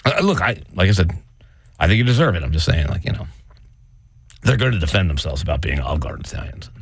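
A man's voice: deep voice, sing-song, fast talker, slightly rough, dry recording, studio quality. A man hosting a radio show, needling his co-host in casual teasing banter.

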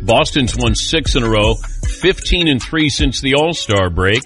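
A man hosting a sports talk radio show, brisk and conversational with callers and guests. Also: medium pitch, lively intonation, fairly bright tone, soft background music.

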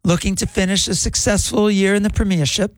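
A man hosting a casual sports podcast, relaxed and chatty as he gives live match updates and trades takes. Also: high-pitched, fairly quick, no room sound. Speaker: podcast host.

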